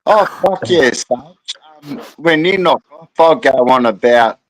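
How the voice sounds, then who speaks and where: A man's voice: fairly high pitch, lively intonation, takes it slowly, poor audio. An Australian man joking as a guest on a live stream, full of slang and heavy swearing. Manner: crude banter, heavy swearing, Aussie slang. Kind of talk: casual live stream chat.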